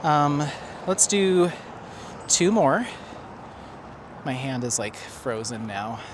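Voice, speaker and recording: A man walks his dog down a neighborhood street and vlogs in an animated, mid-range voice, taking his time, with background noise around him. He talks loosely, reads out viewer comments, and frequently restarts or uses fillers.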